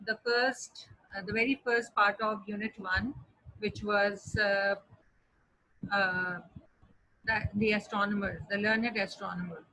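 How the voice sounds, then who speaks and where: Husky-voiced woman teacher. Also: mid-range voice, steady tone, pushed and bright, poor audio. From Pakistan. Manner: explaining patiently with repetition, slowing to spell out words. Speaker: English teacher. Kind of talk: classroom lesson.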